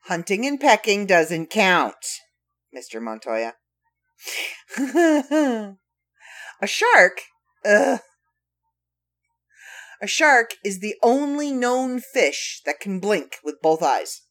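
A woman's voice: medium pitch, very animated, takes it slowly, a bit bright. A woman hosting a casual solo podcast, reading trivia facts aloud with playful, wry asides to her listeners. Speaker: podcast host.

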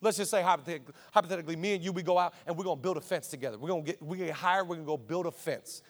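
A man preaching a sermon as pastor in church, emphatic and repetitive, swinging between quiet asides and loud declarations. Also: a little high, very fast.

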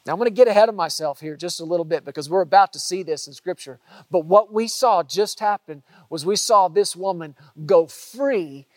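High-voiced man preaching with dramatic emphasis. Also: no room sound. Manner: dynamic preaching, drawn-out emphatic words and sudden loud stresses. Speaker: pastor. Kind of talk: sermon.

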